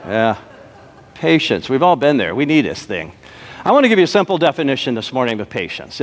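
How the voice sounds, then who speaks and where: A male pastor preaching a sermon, telling a joke story, then slowing down to stress key phrases. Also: a little high. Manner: storytelling with punchlines, slow emphatic repetition. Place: church sanctuary. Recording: long reverb of a church hall.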